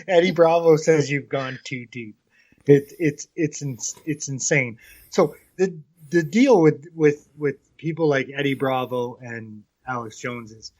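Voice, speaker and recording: A Canadian man co-hosting a podcast, ranting in casual, profanity-heavy chat. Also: mid-range voice. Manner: animated, swears constantly. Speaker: podcast co-host. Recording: slightly muffled lo-fi audio.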